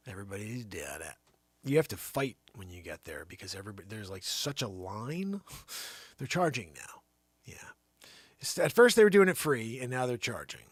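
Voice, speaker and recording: Animated man riffing improv comedy. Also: mid-range voice, dry recording. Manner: animated, swings from loud bursts to hushed asides. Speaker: comedy show host. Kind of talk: improvised comic monologue.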